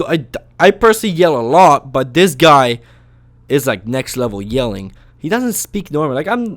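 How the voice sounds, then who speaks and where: A young man talking at an ordinary mid pitch in an unscripted vlog rant. He drifts from low, quiet mumbling into sudden loud, shouted outbursts and back again. The delivery is loose and full of restarts and swearing. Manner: animated, swings between calm talk and loud yelling bursts, swears. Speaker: vlogger reviewing a TV show. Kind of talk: casual opinion rant.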